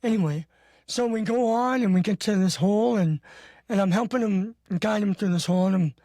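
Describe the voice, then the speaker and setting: A man with an unusual, high-sounding, slightly muffled speaking voice, telling stories in an animated way as a podcast guest. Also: brisk, dry recording, studio quality. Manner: animated, acting out dialogue. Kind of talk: casual storytelling. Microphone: podcast studio mic.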